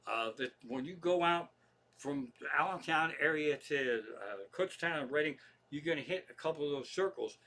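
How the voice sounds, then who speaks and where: Middle-aged man, Pennsylvania accent, somewhat high voice, bright and forceful, rambling profane comic storytelling. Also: animated, moderate pace. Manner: profane, chatty, loose asides. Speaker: comedian hosting a livestream. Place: living room.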